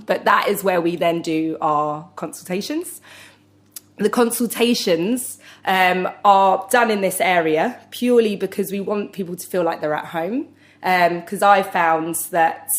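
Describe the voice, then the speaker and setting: A woman, a hair colourist guest in an interview, talking casually with many fillers and easy laughter. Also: fairly low pitch.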